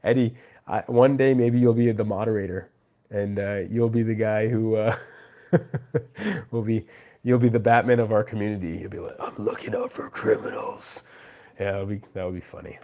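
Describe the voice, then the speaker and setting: A man's voice: fairly low pitch, moderate pace, warm tone. A man hosting a casual live stream, chatting with viewers in a rambling, friendly way full of fillers.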